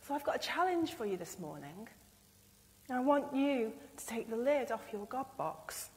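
A woman's voice: on the high side, expressive, moderate pace. Earnest woman preaching in an echoing church. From England. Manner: earnest, emotional, acts out imagined speech. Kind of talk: sermon. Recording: long church reverb.

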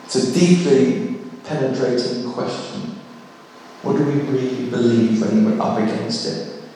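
A man in his sixties preaching a sermon, telling a story with lively, self-deprecating humour. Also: mid-range voice, a little slow, a little hiss or hum. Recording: echoey hall, mic at a distance.

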